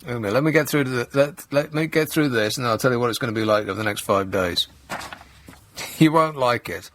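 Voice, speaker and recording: A man's voice: mid-range voice, fairly even intonation, quick pace, a bit bright. A man hosting a talk radio show in a studio, reading the news with sarcastic, mock-outraged asides. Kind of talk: comedic talk radio monologue. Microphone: studio microphone.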